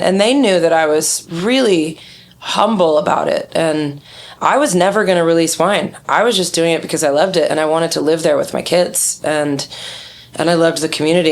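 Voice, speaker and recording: A woman guest in a casual interview, telling stories candidly and animatedly. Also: sits low. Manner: candid, animated storyteller who acts out quotes.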